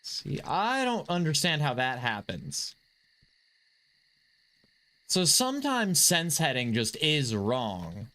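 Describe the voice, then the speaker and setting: A man's voice: a little high, sing-song, slow, long pauses, pushed and bright. A man talking casually while playing a game, rambling and restarting his sentences, swearing and apologizing because he is frustrated and agitated. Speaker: gaming streamer. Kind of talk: casual live gameplay commentary.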